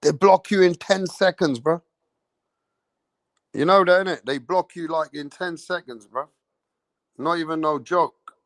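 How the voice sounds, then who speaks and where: Pausing often at a measured pace, a man from England with a slightly high, somewhat bright voice rants angrily on his boxing channel's livestream. He swears constantly and repeats himself, and there is no echo in the recording.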